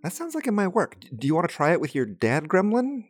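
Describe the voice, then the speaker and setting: A man's voice: high-pitched, wildly swooping pitch, fast talker, no room sound, studio quality, faint music behind, exaggerated voice. A man hosting a children's audio show, friendly and encouraging, speaking straight to the young listeners. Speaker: host.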